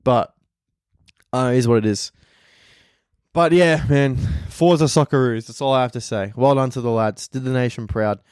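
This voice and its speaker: A man's voice: medium pitch, normal speed, long pauses, darkish tone, clean tone, no echo, clean studio sound. A man in his twenties with an Australian accent, hosting a casual solo podcast and telling rambling, profane stories. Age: 20s. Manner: profane, rambling storyteller who acts out others' lines. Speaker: podcast host, comedian.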